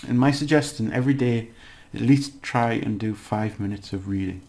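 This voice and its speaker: A man giving a casual language lesson, explaining slowly and repeating words, with many fillers. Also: on the low side, darkish tone. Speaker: language teacher.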